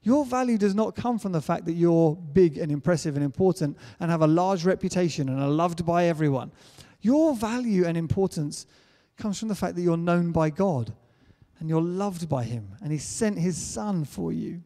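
A man's voice: fairly high pitch, expressive, moderate pace, dark tone. A man preaching a sermon in an earnest way, building to emphatic declarations. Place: church hall. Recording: church hall reverb.

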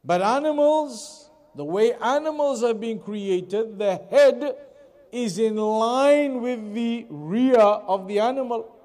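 A man with a high, light voice gives a Quran commentary lesson. He rattles off the source text briskly, then slows down to explain each point, repeating key phrases for his students. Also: a little mellow. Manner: reads Arabic text quickly, then explains slowly with repetition. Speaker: Islamic teacher.

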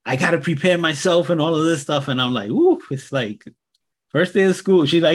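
Older man, husky voice, relaxed radio co-host telling stories. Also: on the high side, a little fast. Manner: easygoing storyteller, chuckles while talking. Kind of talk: casual radio chat.

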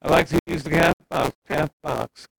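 A man's voice: on the high side, moderate pace, creaky, background noise. A male podcast co-host chiming in with brief replies in casual chat.

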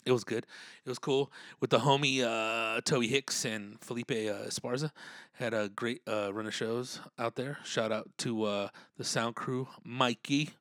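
A man's voice: mid-range voice, steady tone, moderate pace, a bit bright, no echo, studio quality. A stand-up comedian hosting his podcast, a man chatting casually in laid-back slang with many filler words. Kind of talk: casual chat.

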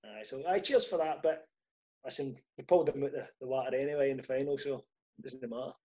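A man's voice: mid-range voice, fast talker, mellow, highs cut off. A man with a Scottish accent, a footballer guest telling stories with teasing, dry asides in a casual chat. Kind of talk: casual storytelling.

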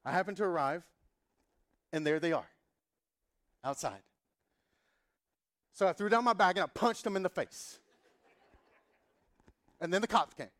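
A pastor in his thirties tells a humorous story during a sermon, acting out the dialogue. His voice is high and unhurried, with frequent pauses, and his manner is animated and funny.

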